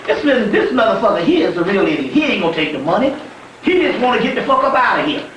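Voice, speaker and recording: Contemptuous, scheming male gods speak with cold, crude scorn, put on by a man telling the story. The voice stays high for a man and carries from across the room. The hall echoes heavily and a faint hiss sits underneath. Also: very animated, fast, a bit bright, distant mic. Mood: scornful.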